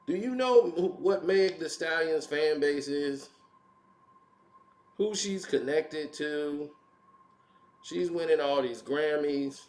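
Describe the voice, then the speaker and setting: A man's voice: on the high side, lively intonation, slow, long pauses, darkish tone. Laughing mocking man in echoey room. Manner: laughs often, mocking asides. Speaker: commentary channel host. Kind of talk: casual opinion commentary.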